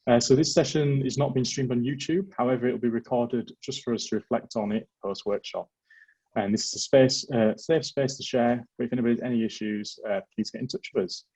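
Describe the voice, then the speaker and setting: Man, workshop host, husky, dry close sound, a little hesitant. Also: mid-range voice, steady tone, brisk, a little mellow, no room sound, rough recording. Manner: hesitant, with fillers. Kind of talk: casual introduction.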